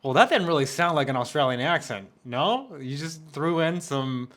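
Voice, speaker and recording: A man's voice: fairly high pitch, expressive, moderate pace, a bit bright. Young man hosting a casual podcast chat. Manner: laughing, emphatic, repeats himself. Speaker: podcast host.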